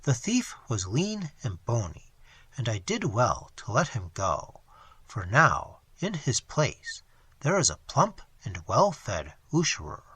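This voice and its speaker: A man voicing a huge, pale, toad-like cavern monster with a thick, slow, loathsome voice and an unctuous, mocking manner. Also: mid-range voice, wildly swooping pitch, fairly bright tone, slightly rough, exaggerated voice. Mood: gloating.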